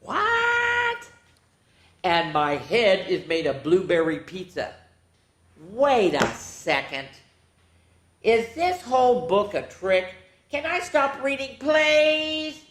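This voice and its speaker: A woman hosting a children's storytime, reading a book aloud in a playful, animated way with silly sounds and voices. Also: mid-range voice, slow pace. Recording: echoey room.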